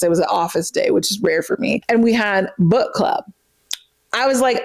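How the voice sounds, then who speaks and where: A woman hosting a casual book review vlog, gushing and emotional, full of fillers and direct "okay?" asides to her viewers. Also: mid-range voice. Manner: speeds up in rushes, then slows right down for emphasis.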